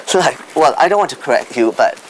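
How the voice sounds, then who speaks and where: Animated, didactic man explaining pronunciation. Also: a little high, fast, a little hiss or hum, rough recording. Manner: didactic, sounds out word stress as examples. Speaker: expert guest on pronunciation. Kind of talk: interview answer.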